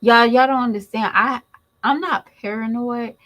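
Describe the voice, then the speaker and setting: A woman's voice: a little high, steady tone, moderate pace, a bit bright, poor audio. A woman and mother giving blunt, emphatic commentary in a vlog, talking straight to her viewers.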